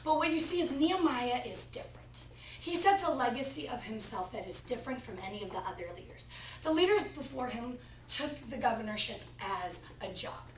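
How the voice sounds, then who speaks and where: Young woman preaching to a class, bit high voice, storytelling, echoey room and mic kinda far off. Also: fairly quick. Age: young adult. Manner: storytelling, animated retelling of family anecdote. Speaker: preaching student. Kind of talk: practice sermon.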